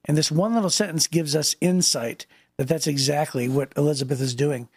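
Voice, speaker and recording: Man, gravelly voice, slightly high, rambling with fillers, casual Bible podcast. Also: a little fast, a little mellow, no echo, clean studio sound. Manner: rambling, many fillers and restarts. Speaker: podcast co-host.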